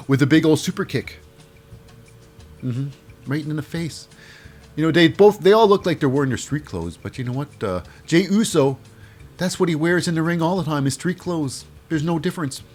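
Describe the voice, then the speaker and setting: A man's voice: on the high side, darkish tone. A man giving a casual, jokey recap of a wrestling show. He rambles and fills his talk with "uh" and "you know".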